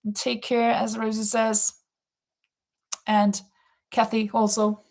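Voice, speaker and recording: A woman hosts a relaxed crochet livestream from home, her voice high and mellow. She talks slowly, chats to her viewers and murmurs to herself while working her stitches. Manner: sings along to an oldies song; muttering to herself while counting rounds. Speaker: livestream host. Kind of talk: casual chat while crocheting.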